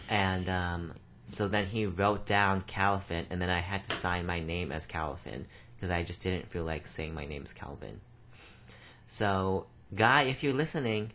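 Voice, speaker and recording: A deep-voiced man chats loosely on a podcast, rambling from one story to the next and dropping casual swears. Faint noise sits in the background. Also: moderate pace, fairly bright tone. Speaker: podcast co-host. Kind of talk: casual chat.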